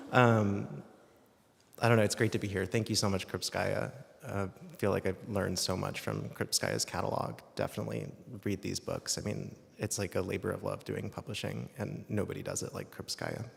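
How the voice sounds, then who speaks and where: A man with a lowish, gravelly voice talks to a live audience in an excited, emotional way and reads his poems. The sound rings with the long reverb of a reading hall. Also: normal speed. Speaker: poet reading his work. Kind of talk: live poetry reading with casual remarks. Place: event venue with an audience.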